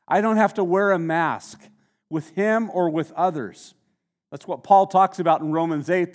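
Man preaching a conversational sermon. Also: fairly high pitch. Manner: conversational preaching with frequent restarts and emphatic slowing. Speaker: pastor.

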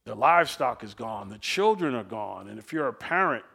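A man preaching a sermon, telling the story in a lively, conversational way and acting out the quoted speakers. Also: mid-range voice, moderate pace, vocal fry, breathy edge. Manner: animated storytelling preacher, acts out quoted voices; casual, chuckles often. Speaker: pastor.

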